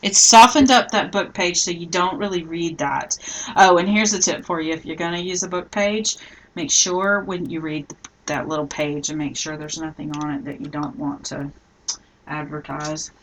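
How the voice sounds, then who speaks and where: A middle-aged woman hosting a live scrapbooking tutorial, chatting casually and thinking aloud as she works, often trailing off softly. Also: deep voice, fairly even intonation, moderate pace, a little hiss or hum, poor audio.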